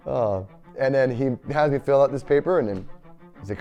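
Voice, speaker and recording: A man, a jiu-jitsu black belt, telling a story in a casual, animated way, acting out quotes and often restarting his sentences. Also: mid-range voice, quick pace, highs cut off, faint music behind. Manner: animated, acts out quoted speech; lots of repeated words and restarts.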